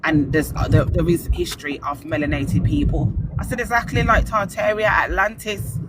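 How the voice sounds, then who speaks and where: A man's voice: on the high side, moderate pace, heavy background noise. A man hosting a casual live-stream podcast, animatedly retelling his arguments. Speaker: podcast host.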